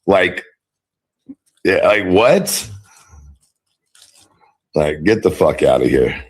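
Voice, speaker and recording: A man with a lowish voice rants at an unhurried pace. He sounds defiant and profane, and he drags his words out in a casual drawl as he brushes off his critics. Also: animated, breathy edge. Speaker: livestreamer being critiqued. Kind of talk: casual ranting livestream.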